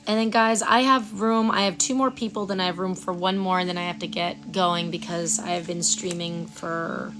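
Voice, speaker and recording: A woman hosting a live Reiki session outdoors. She chats with viewers, stumbles over their names, then gives soft, slow breathing cues. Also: fairly low pitch, steady tone. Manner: chatty, reads viewers' names aloud and fumbles them. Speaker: Reiki practitioner and stream host. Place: outdoors at sunrise.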